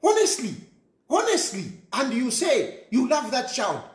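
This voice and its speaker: Ranting Zambian man with a high voice. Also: wildly swooping pitch, a little slow, roomy sound. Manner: ranting, scornful, repeats phrases, mixes in local words. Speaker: commentator. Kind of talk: impassioned monologue.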